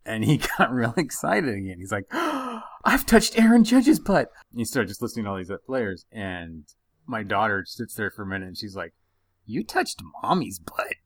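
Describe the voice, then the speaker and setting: A man in his thirties, a podcast co-host, telling a funny family story in a casual, animated way and laughing often. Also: fairly low pitch, moderate pace, no echo.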